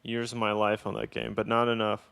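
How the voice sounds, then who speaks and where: A man from the US Midwest co-hosting a casual comedy podcast, talking in a deadpan, sarcastic way with plenty of swearing. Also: fairly low pitch, a little fast, creaky, clear, resonant tone. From Illinois, US Midwest. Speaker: podcast co-host.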